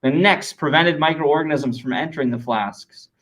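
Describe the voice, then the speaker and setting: A man teaching a classroom science lesson, lively and talking with students, dictating answers slowly and repeating them. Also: on the high side, poor audio.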